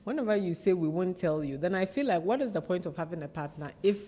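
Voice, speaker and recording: A Ghanaian woman hosting a radio talk show, teasing and quick to laugh. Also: on the low side, animated, dark tone, in a large hall. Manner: laughing, teasing, responsive with many "mm". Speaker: radio host. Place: radio studio.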